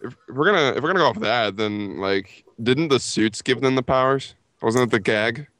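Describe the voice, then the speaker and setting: A man's voice: mid-range voice, moderate pace, a bit bright, no echo. A man bantering casually while co-reading fan fiction, joking and swearing. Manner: joking, profane, restless banter.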